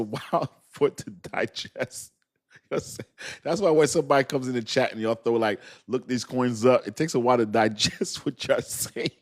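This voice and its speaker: A man of ordinary pitch hosting a casual crypto livestream and talking straight to his viewers. He rambles in loose slang and laughs often. He pokes fun at himself as he goes. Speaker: crypto channel host.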